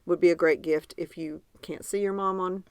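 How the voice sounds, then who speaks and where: A woman with a Southern accent co-hosting a podcast, chatting warmly and describing gift ideas in detail. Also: lowish voice, steady tone, normal speed, smooth, no echo. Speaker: podcast co-host. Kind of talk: casual podcast chat.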